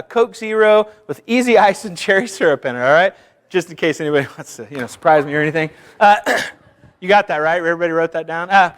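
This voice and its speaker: A man's voice: high-pitched, a bit bright. A male pastor giving a sermon in a church, conversational and self-deprecating, building to fervent exhortation.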